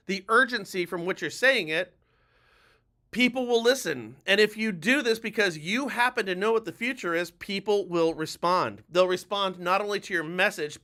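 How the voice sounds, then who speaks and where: Bright, high-voiced man giving an urgent pep talk. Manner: emphatic and urgent, blunt with mild swearing. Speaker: mortgage lender and show host. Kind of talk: live-streamed coaching talk.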